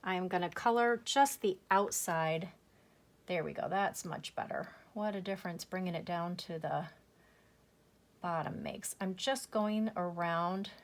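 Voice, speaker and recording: Chatty woman hosting a card-making tutorial. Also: lowish voice. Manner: chatty, enthusiastic, step-by-step. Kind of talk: crafting tutorial.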